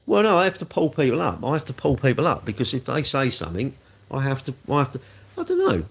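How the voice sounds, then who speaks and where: A man's voice: mid-range voice, huge pitch swings, fast talker, creaky, slightly rough. Chatty man on a live stream. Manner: chatty and rambling, scolding trolls with rising heat. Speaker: livestreamer answering chat comments. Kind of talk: casual live-stream chat.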